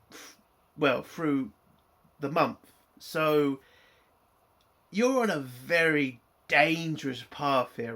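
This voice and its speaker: Male reviewer, fairly high and bright voice, blunt and sweary, casual delivery. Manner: blunt, opinionated, swears freely.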